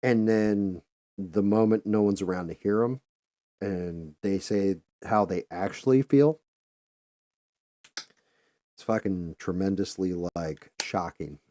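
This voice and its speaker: Man, very low voice, dry close sound, casual profane monologue, middle-aged. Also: takes it slowly, long pauses, dark tone, dry recording. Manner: profane, rambling storytelling with restarts. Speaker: podcast host.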